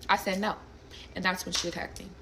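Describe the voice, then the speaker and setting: A young woman casually telling a personal story to camera, animated and blunt, swearing freely. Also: on the low side, rapid-fire, background noise. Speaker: storyteller recounting a personal incident.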